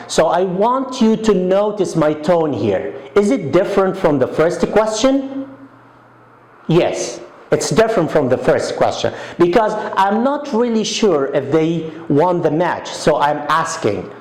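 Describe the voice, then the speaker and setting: A man teaches English grammar, talking slowly and repeating each example so it sinks in. His pitch moves a lot and sits a little high. The recording has a roomy echo. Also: big pitch swings, a little mellow. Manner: slow, deliberate explaining with repeated example sentences. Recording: echoey room.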